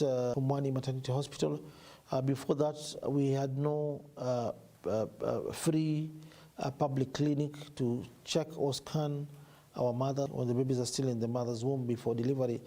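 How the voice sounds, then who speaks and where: A man's voice: medium pitch, fairly even intonation, normal speed, warm tone. A man, a hospital official, giving an interview statement with many hesitations and fillers.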